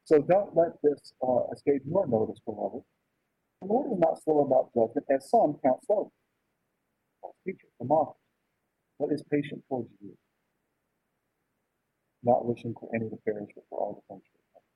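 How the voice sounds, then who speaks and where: A man's voice: medium pitch, big pitch swings, normal speed, pauses often, slightly rough, no room sound. A man preaching a conversational sermon in an informal way, often checking in with "right?". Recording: dull lo-fi sound.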